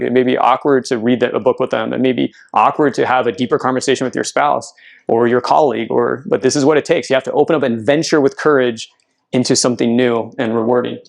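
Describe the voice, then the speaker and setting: A man's voice: mid-range voice, gravelly. A man, a clinical psychologist, giving an earnest presentation at a health fair and often checking in with "right?". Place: event room.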